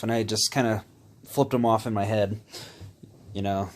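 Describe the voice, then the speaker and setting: A man telling a personal story in a candid, rambling way, pausing with "um" and "you know". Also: fairly low pitch, steady tone, a little hiss or hum. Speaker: vlogger.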